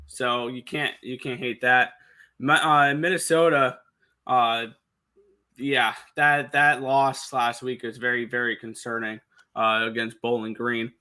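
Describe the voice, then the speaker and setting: A man co-hosting a sports betting show, talking quickly through point spreads and picks with frequent restarts. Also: mid-range voice, level tone, bright, forceful tone. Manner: fast, number-heavy with frequent restarts. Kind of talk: casual picks talk.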